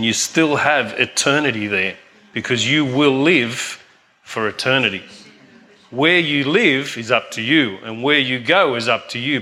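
A man's voice: medium pitch, pushed and bright. An older man preaching a sermon earnestly, often asking the congregation "amen?".

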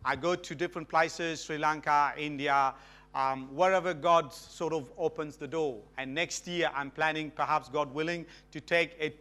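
Animated preacher, high and bright. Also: male voice, moderate pace. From Mauritius. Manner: animated, calls for audience responses. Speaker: guest preacher. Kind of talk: sermon.

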